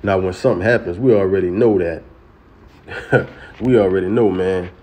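A man teaching scripture in a casual way, often saying "man" and "you know" and chanting sacred names slowly. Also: sits low, dark tone. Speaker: religious teacher.

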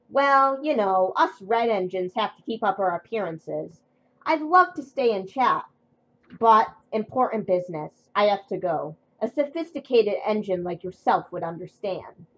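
A woman's voice: medium pitch, a bit bright, low-quality recording. A woman doing a vain, chirpy red engine. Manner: chirpy, gushing, boastful.

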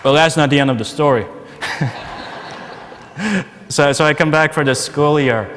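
A man giving a personal testimony at a conference, telling his story in a lively way and laughing often. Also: fairly high pitch, normal speed, some chatter behind. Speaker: conference speaker. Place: large conference hall. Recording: long hall reverb, faint noise.

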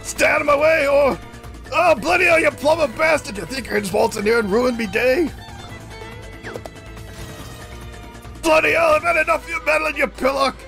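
A man voicing a hot-tempered pirate villain, cursing and shouting insults while playing a video game. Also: extremely high pitch, steady tone, a little fast, vocal fry, soft background music, voice pushed up, full character voice. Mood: furious.

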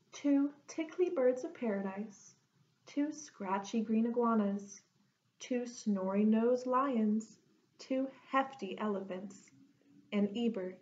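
A woman reading a children's picture book aloud in a gentle storytelling manner. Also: on the high side. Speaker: storybook reader. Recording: dull lo-fi recording.

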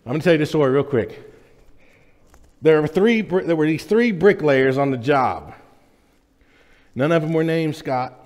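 A man's voice: on the high side, lively intonation, normal speed, long pauses, a little mellow. A man preaching a sermon to his congregation in a conversational, joking way, often checking in with the room. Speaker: pastor. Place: church sanctuary. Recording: reverberant church hall.

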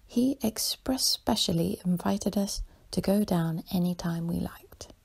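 Woman doing a bossy young boy, whispered role-play, husky, low, gravelly. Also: a little slow, heavily acted. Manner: soft, hushed storytelling.

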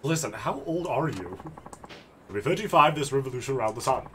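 Sarcastic fed-up tough guy, read by a man, lively ups and downs, light hiss behind. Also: medium pitch, a little fast. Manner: sarcastic, mocking. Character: exasperated streetwise man, sarcastic and blunt.

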